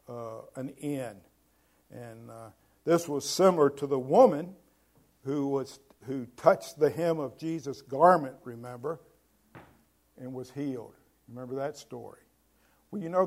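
A man in mid pitch preaching a sermon at an unhurried pace. He stops and restarts often. He leans hard on key words, then lets his voice fall away. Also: darkish tone. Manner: slow, halting delivery with many fillers and restarts. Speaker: pastor.

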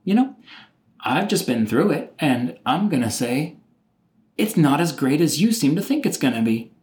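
Animated exasperated man telling a story. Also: on the high side, normal speed. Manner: animated, exasperated, mimics others' voices. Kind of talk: personal storytelling monologue.

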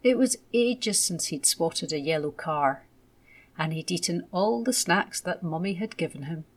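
A woman reading a children's story aloud in a gentle, measured way. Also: lowish voice, animated.

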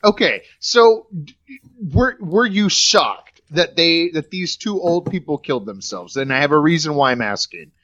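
A woman in a casual podcast chat, halting and restarting as she explains a film scene and questions her co-hosts. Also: low voice, animated, fairly bright tone, no echo, highs cut off. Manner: hesitant, restarts a lot, quizzes the others. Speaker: podcast co-host.

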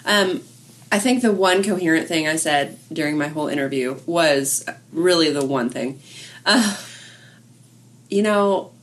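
A woman's voice: sits low, unhurried. A woman, a grant's managing director, speaking nervously and self-deprecatingly in an interview.

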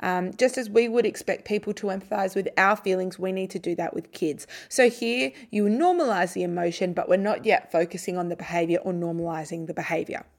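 Calm woman psychologist explaining steps. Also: mid-range voice. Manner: calm, explanatory, models gentle phrases for parents. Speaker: psychologist and podcast host. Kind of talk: educational podcast explanation.

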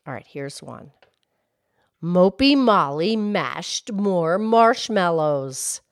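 A woman voicing a gentle, patient cow who cohosts a children's podcast. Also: sits low, expressive, moderate pace, no echo, studio quality. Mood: calm. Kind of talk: kids' podcast character play.

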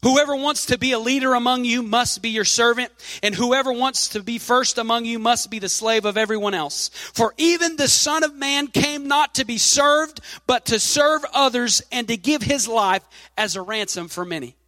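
A man's voice: very high-pitched, normal speed, pushed and bright, dry recording, in a large hall. A man preaching a sermon, reading scripture aloud and leaning hard on key phrases.

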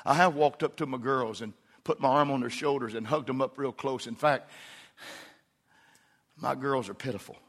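A middle-aged man preaching a sermon, with folksy storytelling that swells into loud, emphatic preaching. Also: mid-range voice. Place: church sanctuary.

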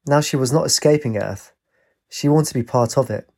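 A man reading a story aloud in a steady, unhurried manner. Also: mid-range voice, vocal fry. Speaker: narrator. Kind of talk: storybook narration.

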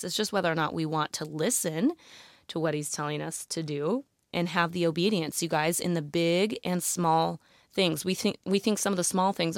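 A woman giving a casual Bible teaching to women listeners, animated and emotional, often saying "you guys" and "like, literally.". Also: lowish voice, no room sound, studio quality.

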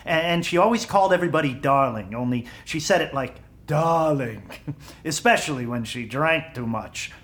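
A man's voice: on the high side, lively intonation, moderate pace, fairly bright tone. An actor playing an easygoing middle-aged family man who chuckles his way through an anecdote at a holiday gathering. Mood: amused. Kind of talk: audio drama.

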